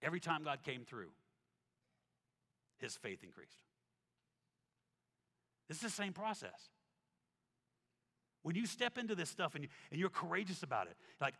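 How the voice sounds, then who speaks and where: A man preaching a sermon as pastor, telling stories with acted-out quotes and dropping to a soft tone when reading scripture. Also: on the high side, moderate pace, pauses often. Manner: animated storytelling, acts out quotes, drops to soft tones for scripture. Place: church sanctuary. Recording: reverberant hall with soft instrumental music.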